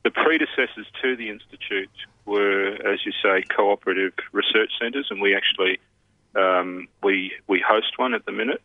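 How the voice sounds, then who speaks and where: A man, an institute head interviewed on radio, explaining things in a measured way with many pauses. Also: fairly low pitch, no echo. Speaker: CEO of a health research institute. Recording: muffled phone line.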